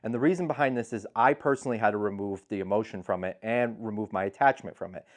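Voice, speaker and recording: Low-voiced man giving frank seller advice. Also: fast. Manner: frank, matter-of-fact advice with mocking quoted voices. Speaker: eBay seller and channel host. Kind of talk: casual explainer talk to camera.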